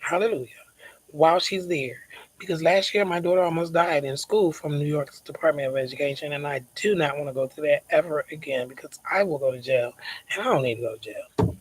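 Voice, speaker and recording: A woman's voice: sits low, a little fast, husky, no echo, rough recording. Emphatic woman venting, dry sound. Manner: emphatic, repeats words for stress, drops to near-whispers. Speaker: mother vlogging about her child's diabetes. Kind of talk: casual venting vlog.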